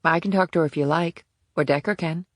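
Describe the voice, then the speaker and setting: A sensible woman agent, as a man voices her in a whispered role-play, pitched well up and a little distant. She speaks in a plain, knowing, matter-of-fact way. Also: fairly even intonation, fast, dry recording, clean studio sound, close to an everyday voice. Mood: steady.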